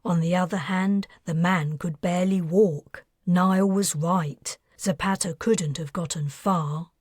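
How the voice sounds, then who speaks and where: A woman narrating her audiobook in a measured, hushed way. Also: on the low side, slightly rough, no echo, clean studio sound. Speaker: author narrating.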